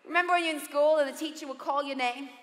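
A woman pastor preaching a sermon, lively and humorous, acting out the voices she quotes. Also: high voice, quick pace. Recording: echoey hall with long reverb.

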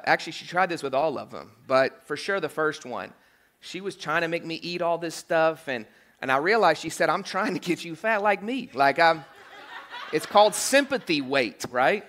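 Pastor guy preaching in church, kinda high voice, jokey, keeps asking "okay?". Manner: animated, joking asides, rhetorical "okay?" and "right?". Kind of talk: sermon. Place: church sanctuary.

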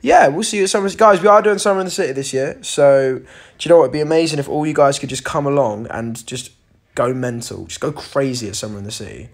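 A man's voice: medium pitch, fast talker. A young man hosting a casual livestream, chatty and slangy, thanking viewers by name in an indoor room. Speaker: livestream host.

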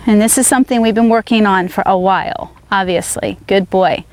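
A woman's voice: medium pitch, a little fast, darkish tone. A woman horse trainer giving a riding demonstration outdoors, firmly coaxing her horse with short praise while explaining to viewers.

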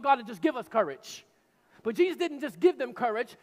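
Pastor, male, high-pitched, forceful repetitive preaching, long church-hall reverb. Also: big pitch swings, a little fast. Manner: emphatic preaching with repetition, rising to shouts. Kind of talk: sermon.

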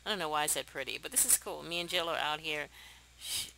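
A young woman hosting a let's play, chatting to viewers in a chatty, excitable way and laughing often. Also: deep voice, fast, vocal fry, poor audio. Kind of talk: casual gameplay commentary.

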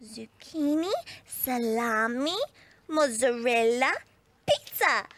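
A woman's voice: fairly high pitch, slow, fairly bright tone. A woman voicing a chatty, playful, childlike character on a children's show, savoring words curiously.

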